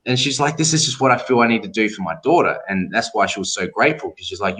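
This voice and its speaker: A man's voice: on the low side, fast talker, few pauses, slightly rough. A middle-aged Australian man, a tattoo artist guest, telling stories casually and acting out the voices of people he quotes. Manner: animated storyteller who acts out quoted voices. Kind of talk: casual storytelling interview.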